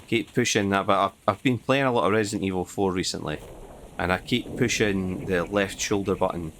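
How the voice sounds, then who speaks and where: A man's voice: deep voice, a little fast, a bit bright. A man giving casual gameplay commentary, muttering to himself with dry asides and the odd curse. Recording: noticeable background noise.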